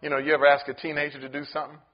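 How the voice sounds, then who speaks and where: A man preaching a sermon as pastor, animated and acting out the people in his story. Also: a little high, racing, lo-fi sound. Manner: animated, acts out voices in the story.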